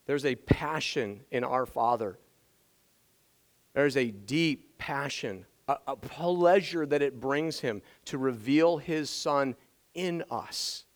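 A man gives a sermon as a pastor, taking it slowly in a medium-pitched voice. He's emphatic and full of energy, repeating key phrases even though yesterday's yelling has strained his voice, all on a low-quality recording.

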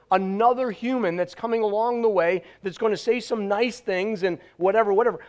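A man pastor preaching a sermon in a conversational, emphatic way, with dramatic pauses. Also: sits high.

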